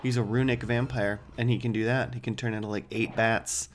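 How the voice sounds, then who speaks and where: A man's voice: medium pitch, level tone, fast, faint music behind. A man hosting a let's play, giving casual gameplay commentary with joking, rambling asides.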